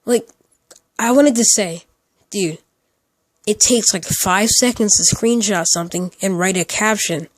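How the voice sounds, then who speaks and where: A man's voice: high voice, measured pace, long pauses, no echo. A teenage boy telling a casual storytime, rambling with lots of fillers and restarts. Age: teens. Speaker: storytime YouTuber.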